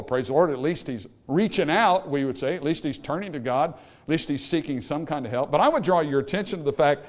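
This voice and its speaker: Emphatic preaching man, higher voice. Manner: preaching with rising emphatic calls to the congregation. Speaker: pastor. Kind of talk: sermon.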